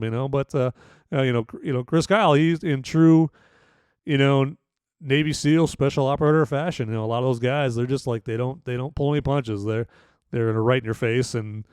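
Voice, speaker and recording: A man's voice: medium pitch, normal speed, darkish tone, clean tone, dry recording, studio quality. A man hosting a podcast and casually reviewing a film, rambling with many restarts. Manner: rambling, full of "you know" and restarts. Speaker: podcast host and movie reviewer.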